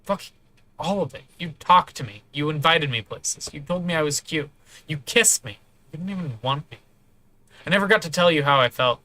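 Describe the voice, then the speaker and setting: A man's voice: a little high, expressive, moderate pace, pushed and bright. A man voicing a hurt young woman who is crying, stammering and lashing out. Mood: bitter. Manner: trembling, stammering, then lashing out.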